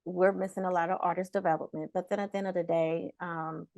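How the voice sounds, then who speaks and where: A woman's voice: on the low side, flat delivery, quick pace, darkish tone. A woman hosting a talk show interview, conversational and affirming toward her guest. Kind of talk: casual interview.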